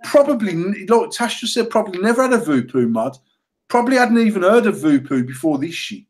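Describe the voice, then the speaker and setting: Man, casual podcast co-host, high and lively voice, swears a lot. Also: fairly quick, poor audio. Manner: sweary, excitable, animated, laughs often. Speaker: podcast co-host, mod company owner.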